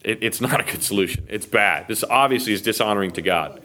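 Low-ish and fast-talking, an American man goes through the Bible verse by verse, lively as he acts out the quotations and asks his listeners if they're okay.

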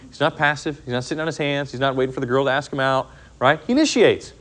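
A man teaching a casual Bible study, animated and conversational, often checking in with "right?" and "okay?". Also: on the high side, quick pace. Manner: animated, acts out characters in quotes, frequent "right?" and "okay?".

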